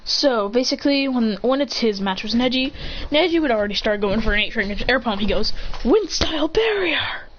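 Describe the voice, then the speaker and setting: Excitable rambling woman, lo-fi recording. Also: a little high, brisk. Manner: rambling, excitable, with restarts and sound effects. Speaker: storyteller. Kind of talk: casual fan-fiction retelling. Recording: dull lo-fi home recording with faint hiss.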